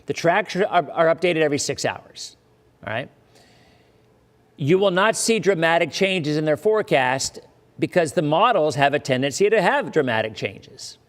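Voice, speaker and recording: A man's voice: on the high side, animated, moderate pace, a bit bright, in a large hall. A man hosting a live weather forecast, talking in a chatty way with joking asides to his viewers.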